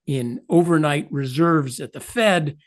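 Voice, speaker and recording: A man in his sixties, a guest economist, explaining ideas in an animated, emphatic way with wry asides. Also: fairly high pitch, a little slow. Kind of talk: explanatory interview talk.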